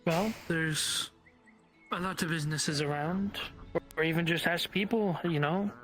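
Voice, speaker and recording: A man with a fairly high voice speaks in character as a townsperson in a role-play. He gives directions and advice in a loose, offhand way, and faint music plays behind him. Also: steady tone, a little slow, fairly bright tone. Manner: casual, offhand, helpful.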